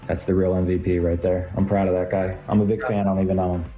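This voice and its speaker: Very deep fast-talking teasing man. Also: flat delivery, mellow, soft background music. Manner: teasing, quick-fire. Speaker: podcast co-host. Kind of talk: casual podcast banter.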